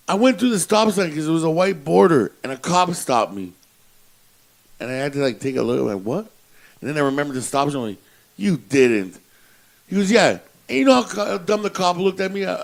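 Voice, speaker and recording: A man's voice: a little high, animated, fairly quick, creaky, poor audio. A man co-hosting a podcast, telling a prank story in casual chat, swearing and laughing as he talks. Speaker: podcast co-host.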